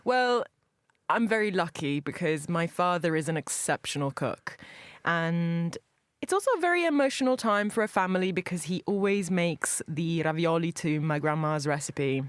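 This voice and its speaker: A woman from Italy who hosts a food podcast, talking in a lively, laughing way in a radio studio. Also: lowish voice, normal speed, no room sound.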